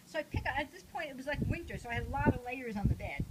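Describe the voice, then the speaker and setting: Brief: older woman, rambling foul-mouthed storyteller, lively swoops in pitch, noisy home recording. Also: racing, few pauses. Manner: rambling, profane, laughing often. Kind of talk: casual anecdote.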